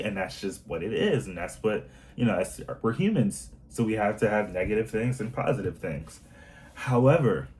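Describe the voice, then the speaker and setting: A man's voice: lowish voice, a little mellow, a little hiss or hum, low-quality recording. A man talking in a casual self-help monologue, earnest and rambling with many fillers.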